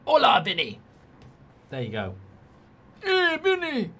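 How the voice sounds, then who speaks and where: A man's voice: mid-range voice, lively intonation, a little slow, gravelly, sharp tone, full character voice. A man putting on an exaggerated Spanish accent, voicing a cheerful, hammy Spanish man who drags out friendly greetings in a sing-song way. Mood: jokey.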